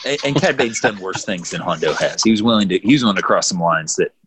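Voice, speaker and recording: A man's voice: lowish voice, expressive, fast talker, fairly bright tone, a little hiss or hum. A man co-hosting a podcast, chatting casually and often laughing as he acts out quotes. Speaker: podcast co-host. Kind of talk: casual chat.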